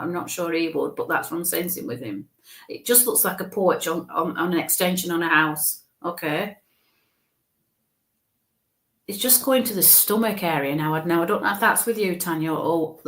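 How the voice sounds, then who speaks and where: A woman's voice: on the low side, roomy sound. A woman giving a live mediumship reading as a psychic medium, thinking aloud with frequent halts and restarts.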